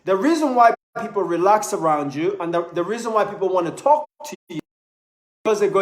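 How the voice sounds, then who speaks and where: A man giving a live online sales lesson in an animated way, repeating words as he talks. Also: high voice, fairly quick. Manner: animated, acts out little voices, repeats words. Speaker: sales trainer. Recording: echoey room.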